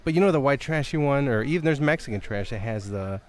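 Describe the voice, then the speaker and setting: Young guy hosting a podcast in a bar, talks fast, keeps going off on tangents. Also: mid-range voice, lively intonation. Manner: rambling, easily sidetracked. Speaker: podcast host. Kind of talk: casual chat. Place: wine bar.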